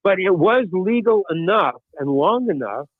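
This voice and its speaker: A man, an actor and guest, telling an anecdote in a lively way, acting out the other people in his story and swearing casually. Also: high-pitched, unhurried, dry recording. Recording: tinny phone-like line.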